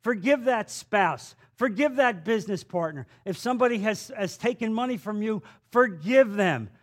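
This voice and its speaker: A man's voice: high voice, expressive, moderate pace. A male pastor preaching a sermon, reading scripture and adding folksy, conversational asides.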